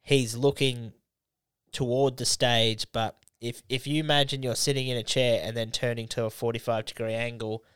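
A man's voice: medium pitch, little pitch movement, normal speed, fairly bright tone, clean tone, no echo. A man hosting a podcast, chatting casually, swearing freely and telling stories with little voiced mimicry. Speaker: podcast host. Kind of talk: casual chat.

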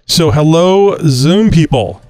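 A man's voice: fairly high pitch, animated, slow, a little mellow, dry recording. A man from Texas hosting a casual talk show, rambling with many fillers. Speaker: podcast host.

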